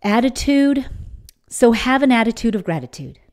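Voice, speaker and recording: A woman's voice: a little high, very animated, normal speed, a little mellow. Middle-aged woman, enthusiastic inspirational faith speaker, earnest storyteller. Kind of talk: motivational faith talk.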